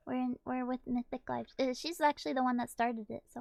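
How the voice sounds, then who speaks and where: A young woman streaming a game, chatting casually, giggling often and reading lines aloud with excitement. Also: high-pitched, moderate pace, gravelly, soft background music. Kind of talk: casual live-stream chat.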